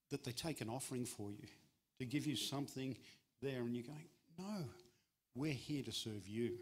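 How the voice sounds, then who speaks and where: A middle-aged man preaching as a guest speaker at a church, in a conversational, humorous way, with sudden rises in pitch for emphasis. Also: breathy edge. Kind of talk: sermon.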